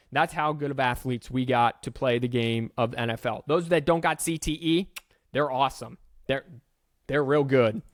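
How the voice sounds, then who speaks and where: A man hosting a sports podcast, rattling off scores quickly with joking, self-aware asides. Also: mid-range voice, no echo, clean studio sound. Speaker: podcast host. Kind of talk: casual sports recap.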